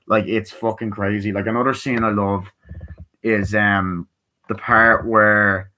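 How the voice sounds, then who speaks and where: A man's voice: lowish voice, little pitch movement, a little slow, bright, forceful tone, rough recording. A man giving a casual spoken film review. He rambles, swears freely and drifts onto tangents. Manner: rambling, profane, tangent-prone, filler-heavy. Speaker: movie reviewer.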